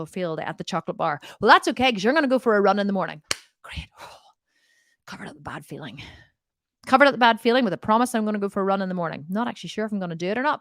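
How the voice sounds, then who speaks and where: A woman's voice: a little high, no room sound, clean studio sound. A woman diet coach answering viewer questions in a live Q&A, blunt and direct, often laughing and swearing jokingly.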